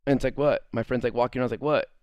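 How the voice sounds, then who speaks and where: A man with a medium-pitched, steady, slightly mellow and clean voice talks at a racing pace in a dry recording. He's live-streaming, telling rambling stories to his chat, acting out quotes in jumpy voices and swearing a lot.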